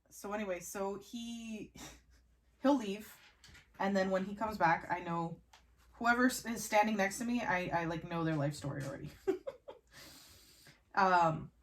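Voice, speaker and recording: A woman chatting casually while she sews, rambling with fillers and small laughs. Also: mid-range voice. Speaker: sewing vlogger. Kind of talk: casual chat while sewing.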